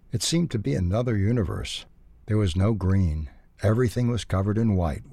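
A man reading a children's storybook aloud, expressive and lively. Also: lowish voice, husky, no echo.

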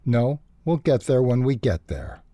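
A man voicing a good-natured male dog in a storybook, calm and gently exasperated. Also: mid-range voice, a little slow, dry recording, pitched above the performer's own voice.

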